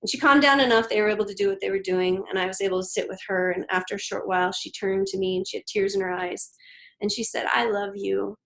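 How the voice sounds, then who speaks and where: A woman's voice: medium pitch, steady tone, low-quality recording. Earnest woman telling a story in an interview. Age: 30s. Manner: earnest, gentle, with frequent pauses and restarts. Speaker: podcast guest.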